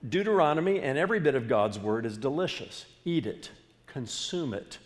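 A man's voice: mid-range voice, normal speed. Preaching man in a reverberant hall. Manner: animated preaching with call-and-response. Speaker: pastor. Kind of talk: sermon. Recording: long reverb of a large hall.

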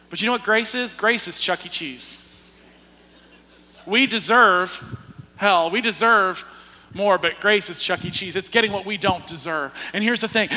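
A man delivers a sermon with a high, ringing voice. He restarts and repeats phrases as he tells his stories. A long echo trails after his words in a large sanctuary. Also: bright, forceful tone. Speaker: pastor.

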